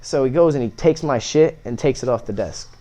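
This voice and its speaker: A man's voice: mid-range voice, a little fast, warm tone. A young man, a podcast guest, telling a story in a casual, profane way with many fillers.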